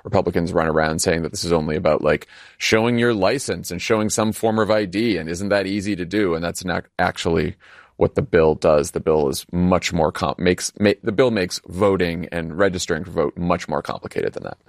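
Sarcastic male podcast host, dry close mic, slightly low voice. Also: steady tone, a little fast, dry recording. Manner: sarcastic, with many filler ums. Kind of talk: casual political podcast chat.

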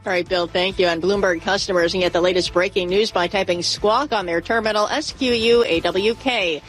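A woman's voice: mid-range voice, soft background music, rough recording. Woman anchoring radio business news. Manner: brisk, conversational.

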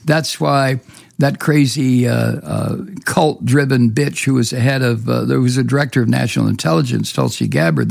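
A man's voice: mid-range voice, gravelly, a little mellow, no echo. A man hosting a talk show, delivering angry, profane, sneering political commentary. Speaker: radio talk host.

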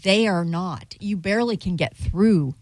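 A woman co-hosting a radio talk show, telling stories in a lively way and acting out the people she quotes. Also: mid-range voice, a little slow, no room sound, poor audio. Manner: animated storyteller acting out quotes. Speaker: radio co-host. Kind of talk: casual radio chat, storytelling.

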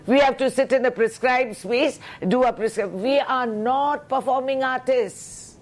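A woman's voice: high voice, unhurried. A woman member of parliament, speaking with indignation and rhetorical questions in a heated news interview.

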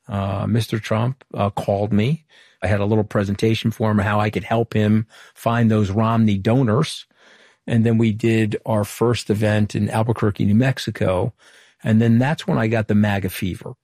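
A middle-aged man from Long Island, a former political communications director, answering interview questions in a brisk storytelling way full of quoted dialogue. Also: on the low side, flat delivery, a little mellow, no room sound, studio quality. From Long Island, New York.

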